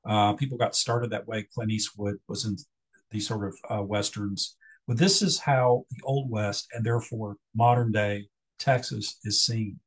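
A man's voice: lowish voice, steady tone, unhurried, low-quality recording. A middle-aged man presenting a business etiquette workshop in a casual, conversational lecture style with frequent ums.

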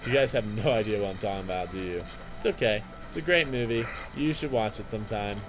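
A young man hosting a let's play, commenting on his game with excitable trash talk, jokey asides and sing-song chanting. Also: on the low side, brisk, music in the background. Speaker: gaming channel host.

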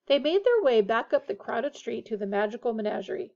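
A woman narrates a storybook aloud with a steady, expressive delivery. Her voice sits a little high, and the recording sounds dull and lo-fi. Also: a little fast, vocal fry. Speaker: audiobook reader.

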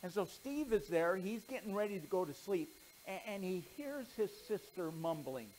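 Male pastor, animated children's storyteller, lively swings in pitch. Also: moderate pace, a little hiss or hum, rough recording. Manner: animated storyteller, then earnest preaching.

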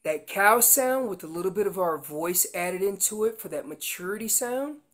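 Her pitch is medium and her delivery expressive at a moderate pace, with a little hiss or hum in the audio. She's a woman teaching elk calling from slides at a seminar, drawing everyday comparisons and suddenly voicing calves and parents loudly.

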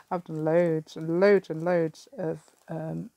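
Recorded with no echo by a camera on her table, this middle-aged Englishwoman crafts and chats, rambling, musing aloud and laughing a lot. Her voice sits low, level and slow, with a creaky, dark tone.

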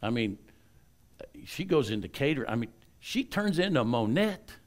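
A man at mid pitch preaching a sermon. He retells the story with energy, jumping from loud bursts to hushed lines and tossing casual asides to the congregation. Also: big pitch swings, moderate pace. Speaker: pastor.

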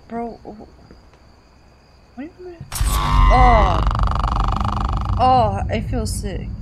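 A woman giving casual commentary on a horror game she is playing. She swings from quiet mutters to shrieks and laughs often. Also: on the high side, heavy background noise. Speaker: gaming channel host.

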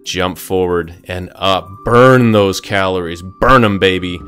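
A fitness instructor with a deep, slightly bright, clean voice coaches a burpee workout a little slowly, keeping it upbeat and jokey. He gets out of breath at times, and faint music plays in the background.

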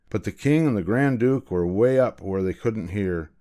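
An older man, a grandfather, reading a picture book aloud in a gentle, measured way. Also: lowish voice, animated. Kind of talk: storybook read-aloud.

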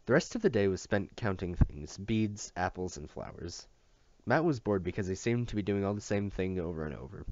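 Deep-voiced man reading a novel aloud. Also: moderate pace. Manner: expressive, occasional slips and rereads. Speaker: audiobook reader. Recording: dull lo-fi dry recording.

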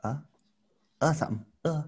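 A man teaching English to children in an online class, speaking slowly and clearly with a patient, playful manner. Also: fairly high pitch. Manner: patient, slow and clear, playful sound effects.

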